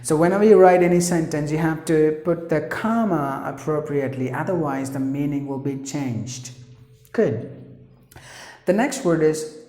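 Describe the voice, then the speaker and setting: A man's voice: fairly high pitch, normal speed, warm tone, roomy sound. A man teaching pronunciation, repeating each word several times to drill it. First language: Tamil. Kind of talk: pronunciation lesson.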